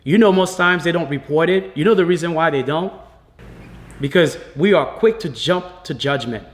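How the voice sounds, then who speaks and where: A man with a fairly high-pitched voice tells his story in a loose, conversational way. He switches into the voices of the people he quotes to act out what they said. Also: moderate pace. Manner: lively retelling that acts out quoted dialogue. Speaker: father interviewed as a guest. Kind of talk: casual storytelling.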